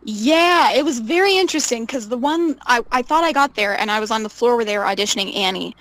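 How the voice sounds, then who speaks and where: A young woman telling stories casually as an interview guest, animated, laughing often and acting out what people said. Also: on the high side, fast, no room sound, low-quality recording. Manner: animated, laughs often, acts out quoted voices. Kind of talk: casual storytelling.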